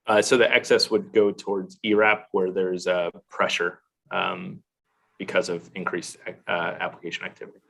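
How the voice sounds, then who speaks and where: Man, official witness on a video call, low voice, halting delivery full of "uh" pauses. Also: flat delivery, creaky, a bit bright. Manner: halting, many "uh" fillers. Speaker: government official testifying. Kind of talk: answering questions at a hearing.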